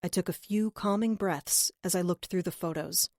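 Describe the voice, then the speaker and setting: A woman narrating a first-person crime audiobook in a measured, earnest way on a close studio mic. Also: on the low side, darkish tone, dry recording.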